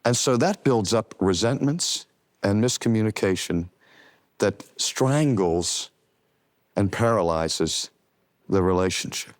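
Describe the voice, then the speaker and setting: A man's voice: lowish voice, lively intonation, slow, dry recording, clean studio sound. An older man teaching in an earnest sermon style, stressing key words and drawing them out. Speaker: preacher and teacher.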